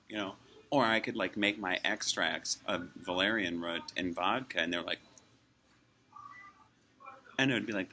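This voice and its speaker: A man in his forties with a lowish voice and a bright, forceful tone, thinking out loud in a loose, rambling way. He chuckles often and slips into little acted-out exchanges, with a faint hum of a fast-food restaurant behind him. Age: 40s. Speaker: vlogger. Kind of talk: casual musing to camera.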